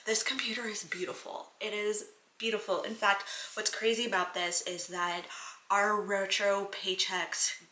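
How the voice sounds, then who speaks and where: A woman flight attendant giving a casual vlog update, bubbly and giggly, gushing with excitement. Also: medium pitch, a little slow. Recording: echoey room.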